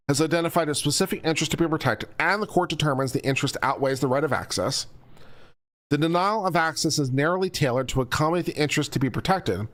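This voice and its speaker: A man hosting a legal commentary stream, explaining rules to viewers over and over in a patient but mildly exasperated teaching manner. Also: on the high side.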